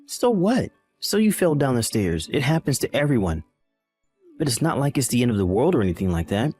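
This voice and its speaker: A man's voice: mid-range voice, very animated, brisk, darkish tone, slightly rough, soft background music. A man voicing a callous young husband in a text-message drama, talking in a dismissive, impatient way. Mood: scornful.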